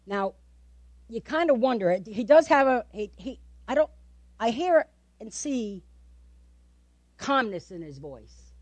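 High-voiced woman preaching with animated questions. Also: takes it slowly, pauses often, dry recording. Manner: animated, repeats words for emphasis, asks the audience questions. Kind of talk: sermon.

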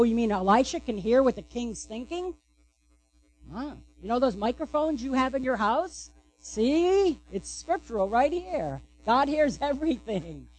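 A woman's voice: a little high, warm tone. A woman pastor giving a sermon, asking the congregation questions and answering them playfully.

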